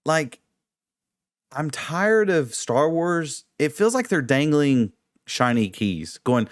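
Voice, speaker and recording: A man co-hosting a casual review chat, animated and mocking, slipping into impressions. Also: a little high, takes it slowly, no room sound, clean studio sound. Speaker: podcast co-host.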